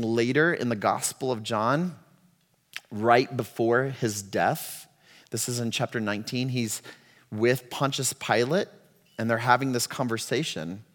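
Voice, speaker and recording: A man preaching a sermon as pastor, moving from quiet, reflective passages to loud, impassioned ones. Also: mid-range voice. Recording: long hall reverb.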